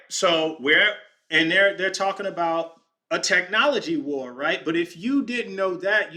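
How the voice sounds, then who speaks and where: A man talks loosely to his viewers while looking over market numbers. His voice sits a little high and sounds bright and forceful. He thinks out loud, trips over words and cracks small jokes. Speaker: podcast host. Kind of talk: casual screen-share commentary on stocks. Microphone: desk microphone.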